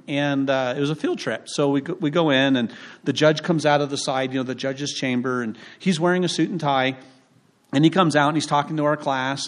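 A male pastor preaching a sermon in a conversational, humorous storytelling way. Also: on the high side. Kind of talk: sermon with personal stories. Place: church.

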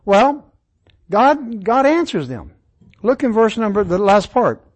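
A man's voice: high voice, big pitch swings, slow, husky, rough recording. A man teaching an informal Bible study class, explaining the verses one by one in a conversational way.

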